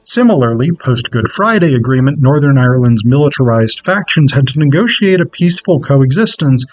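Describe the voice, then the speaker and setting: A man presenting a conference paper with a measured, scripted delivery. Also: mid-range voice, animated, no room sound, low-quality recording. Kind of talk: reading an academic paper.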